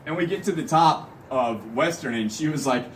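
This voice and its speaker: There's a slight hiss or hum on this far-off phone recording, shot from the audience at a live show venue. The speaker is a young man with a fairly high voice, telling a comic story at a moderate pace. He rambles and leans heavily on "like" and "literally."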